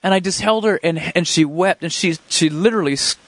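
A man's voice: high voice, a bit bright. A man telling his faith testimony in an earnest, emotional way, often restarting his sentences. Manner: earnest, halting storytelling with many restarts; fervent and emotional. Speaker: speaker sharing a faith testimony. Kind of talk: personal faith testimony storytelling.

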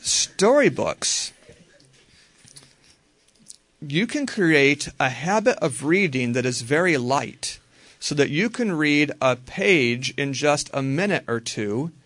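A man teaching a group how to read the Bible, talking in a relaxed, conversational way and slowly repeating verses. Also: fairly high pitch, dry recording. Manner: relaxed, conversational, slow careful repetition.

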